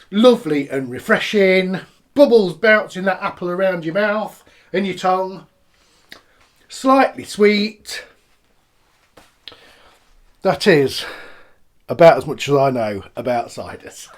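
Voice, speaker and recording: A man's voice: sits high, expressive, slow, long pauses. A man casually reviewing beers and cider on camera, chatty and rambling as he tastes each one. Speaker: beer reviewer.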